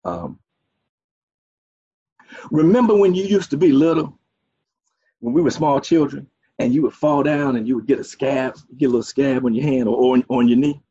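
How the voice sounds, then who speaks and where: A man's voice: medium pitch, moderate pace, pauses often, warm tone, husky, dry recording. A man preaching a sermon, using folksy asides and a string of "okay"s. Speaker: pastor. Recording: dull, dry, muffled sound.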